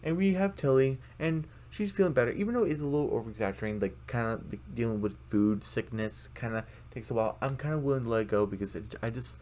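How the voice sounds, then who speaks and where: A man's voice: mid-range voice, fast talker, hardly any pauses, a little mellow. A man chatting casually through a recap of a cartoon episode, rambling with lots of fillers. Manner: rambling, many fillers, acts out characters' lines. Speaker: video commentator.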